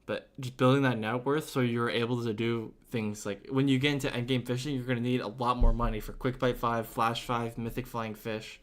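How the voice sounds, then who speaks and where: A man's voice: mid-range voice, fairly even intonation, a little fast, few pauses. A young man chatting casually on a game stream, rambling through answers to chat with lots of fillers and restarts.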